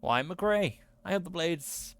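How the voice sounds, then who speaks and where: A man puts on a burly bearded brawler from a video game, friendly and folksy, who calls people lad. The voice sits a little above his usual pitch and is read with plain, homely warmth of manner. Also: lively intonation, unhurried. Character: gruff bearded male brawler trainer, friendly.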